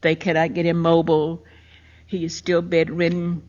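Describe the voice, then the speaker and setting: A woman's voice: on the low side, monotone, normal speed, a little mellow. An older woman, hosting a podcast and emphatically telling a personal story of grief. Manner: emotional, emphatic retelling. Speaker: podcast host. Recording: muffled lo-fi recording.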